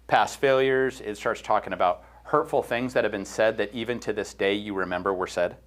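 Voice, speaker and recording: A man's voice: lowish voice, fairly quick. A middle-aged man hosting a casual podcast chat, retelling a counseling story with quoted lines and frequent fillers. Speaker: host.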